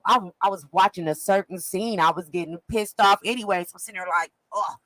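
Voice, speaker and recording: Woman, casual gossip, lively storyteller, dry close sound. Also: medium pitch, fast, no room sound, rough recording. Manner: animated storyteller, laughs often, acts out quotes. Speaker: co-host recapping an event.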